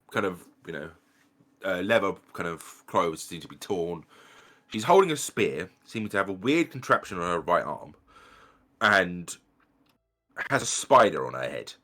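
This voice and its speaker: A man's voice: low voice, fairly bright tone. A man running a tabletop game as game master, narrating scenes casually with fillers and swearing.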